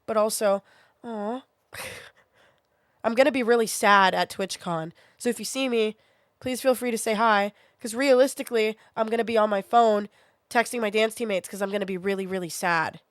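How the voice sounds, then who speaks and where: A woman's voice: medium pitch, no echo. A young woman streamer, sick with a sore throat, chatting casually and venting bluntly with plenty of swearing. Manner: blunt, swears often, quick to vent.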